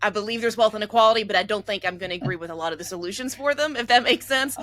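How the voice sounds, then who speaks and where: A woman's voice: mid-range voice, very fast, fairly bright tone, no echo. Southern-accented young woman hosting. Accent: Southern American. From Ohio, USA. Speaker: podcast host. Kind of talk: casual interview talk.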